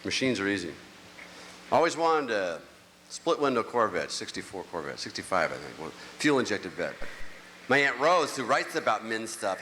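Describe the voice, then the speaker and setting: A man in his sixties doing a stand-up comedy routine on a theater stage, ranting animatedly and swinging between grumbling and squeaky outbursts. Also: very animated, moderate pace, bright, forceful tone. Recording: echoey hall, clear crowd noise. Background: audience.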